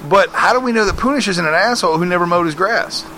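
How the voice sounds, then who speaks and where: Bright, high-voiced storytelling man. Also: fast, a little hiss or hum. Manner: animated, heavy swearing, retells a news story with mock outrage. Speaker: podcast co-host telling a story. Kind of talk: casual profane banter.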